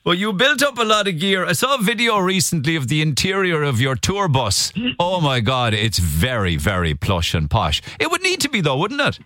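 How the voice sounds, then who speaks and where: A man's voice: a little high, big pitch swings, moderate pace, few pauses, bright, forceful tone, no room sound, clean studio sound. A man hosting a radio interview, enthusiastic and chatty, firing leading questions. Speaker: radio host.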